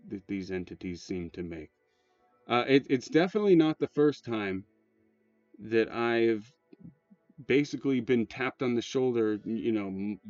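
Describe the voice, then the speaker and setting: A man's voice: mid-range voice, a little mellow, dry recording. A man hosting his channel, rambling and swearing in casual commentary, restarting often and leaning on fillers. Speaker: channel host. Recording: dull lo-fi sound, dry, faint music.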